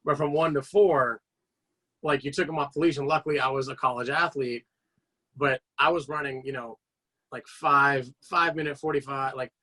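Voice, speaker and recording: A man guest on a podcast, telling long casual stories with many fillers and restarts. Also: a little high. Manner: animated rambling anecdotes with frequent fillers. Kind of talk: casual storytelling chat.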